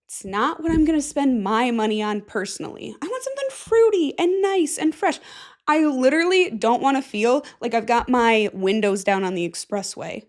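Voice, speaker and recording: A woman's voice: fairly high pitch, lively intonation, normal speed. A woman hosting a casual solo podcast, goofy and self-mocking, with plenty of swearing. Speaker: podcast host.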